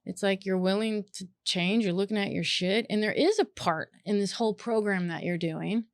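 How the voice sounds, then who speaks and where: A woman hosting a podcast in casual chat, earnest and animated, with plenty of swearing. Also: mid-range voice, moderate pace, dry recording, studio quality. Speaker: podcast host.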